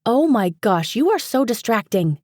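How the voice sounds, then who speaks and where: A woman voicing an exasperated, quick-tempered young woman who is a librarian. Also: fairly high pitch, very animated, darkish tone, no echo, clean studio sound, voice pushed up. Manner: exasperated, snappy.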